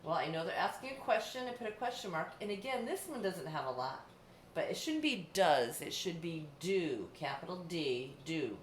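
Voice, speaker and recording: A woman's voice: fairly low pitch, very animated, moderate pace. A middle-aged woman teacher giving a distance-learning lesson, patiently explaining step by step with examples. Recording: echoey room, faint background hum.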